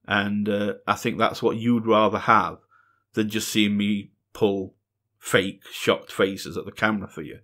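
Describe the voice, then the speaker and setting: Steady and unhurried, this middle-aged man's lowish, slightly bright voice carries a casual solo Q&A for his music reaction channel. He is earnest and repeats phrases to drive points home.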